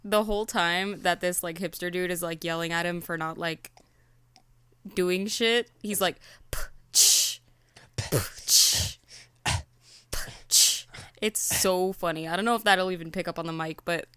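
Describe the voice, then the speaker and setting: A woman's voice: on the low side, fairly even intonation, normal speed, fairly bright tone, clear, resonant tone, no room sound. A woman co-hosting a casual podcast, laughing and chiming in enthusiastically during a recap. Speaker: podcast co-host.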